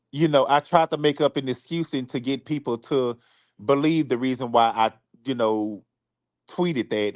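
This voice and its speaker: A man with a mid-range voice apologizes to his supporters during a live stream. Close to crying, he speaks in a halting way, repeating phrases and beginning sentences again. The recording is dry.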